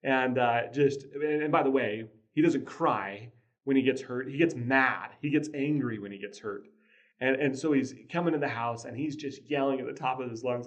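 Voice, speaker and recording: A man's voice: mid-range voice, moderate pace, muffled recording. A man hosting a casual motivational talk on parenting, telling a family story in an earnest way with chuckles and frequent restarts. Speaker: podcast host, father.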